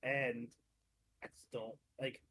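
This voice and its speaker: A man's voice: mid-range voice, level tone, takes it slowly, sharp tone, dry recording. A man co-hosting a podcast, talking casually with stammering restarts and swearing for emphasis. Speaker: podcast co-host. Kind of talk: casual chat.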